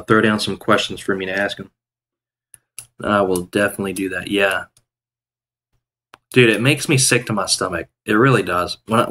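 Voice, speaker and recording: A man's voice: fairly low pitch, pushed and bright. A young man hosting a day trading live stream, chatting casually to viewers and rambling indignantly with frequent restarts.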